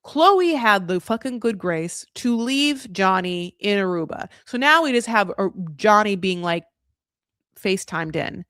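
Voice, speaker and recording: A woman's voice: medium pitch, animated, unhurried, fairly bright tone, smooth. A woman talks through a reality show in a loose, rambling live recap, piling on "like" and swearing freely. She is blunt and opinionated, with a mid-range voice. The sound is close and dry, with almost no room echo. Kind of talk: casual live recap commentary.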